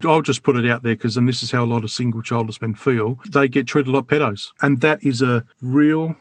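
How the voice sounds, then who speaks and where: A man's voice: mid-range voice, steady tone, fairly quick, dry recording. A man speaking as a guest, telling a personal story in a reflective, sometimes emotional way with frequent restarts. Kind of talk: candid personal conversation.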